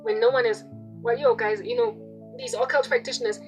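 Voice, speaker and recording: A young South African woman talking candidly to her viewers in a personal monologue. She sounds aggrieved and keeps breaking into loud mimicked yelling. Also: high-pitched, big pitch swings, brisk, vocal fry, soft background music. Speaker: video blogger.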